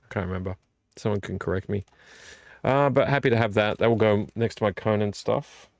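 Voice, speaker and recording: A man's voice: on the low side, a little fast, vocal fry, dry recording. A tired man, hosting a casual late-night vlog and rambling about his movie collection. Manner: relaxed, rambling, complains about covers. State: tired and yawning. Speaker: vlog host. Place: home room.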